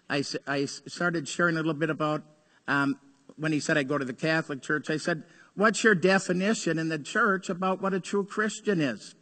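A male pastor preaching a sermon, telling stories earnestly, rising to urgency and dropping to hushed tones. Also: fairly high pitch. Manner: earnest storytelling, swings between urgent and hushed. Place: church sanctuary. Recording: long hall reverb.

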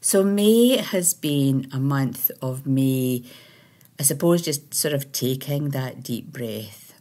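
A middle-aged Scottish woman who makes meditations, talking in an earnest, meandering way with pauses and restarts in a reflective personal monologue. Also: very deep voice, lively intonation, mellow. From Scotland. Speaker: meditation creator.

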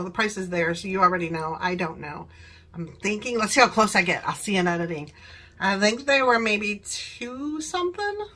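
A woman's voice: mid-range voice, bright, forceful tone, low-quality recording. An older woman and grandmother chatting at home in her living room while showing products she bought, rambling off topic and laughing often. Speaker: product haul vlogger. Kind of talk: casual chat.

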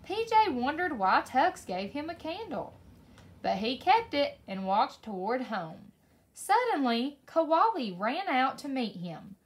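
A woman reads a children's story aloud, her high voice rising and falling in a lively sing-song. She takes her time, pacing each sentence slowly and expressively. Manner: slow, expressive read-aloud with lively pitch. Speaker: story reader.

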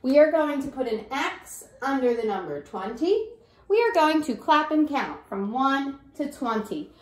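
Slow, sing-song preschool teacher woman. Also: high-pitched, very animated. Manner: slow, sing-song, coaxing teacher talk with songs and call-and-response. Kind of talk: online preschool circle time lesson. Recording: echoey room with faint noise.

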